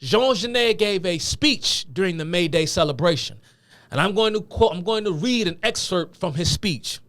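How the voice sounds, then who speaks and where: In a high, animated voice with a fairly bright tone and normal pace, a man gives lecture-style political commentary. He's emphatic and conversational, sprinkling in casual slang as he explains things to viewers.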